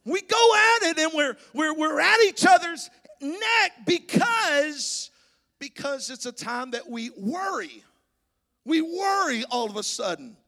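Very animated yet slow, a pastor with a strikingly high voice addresses his congregation in a church sanctuary. His emphatic sermon rises into shouting and sing-song delivery, with plenty of stammering and restarted phrases.

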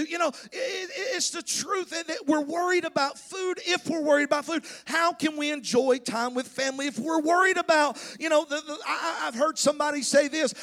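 A man preaching a sermon as pastor, emphatic and sing-song, often shouting, with stammered restarts. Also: very high-pitched, moderate pace, few pauses. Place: church sanctuary.

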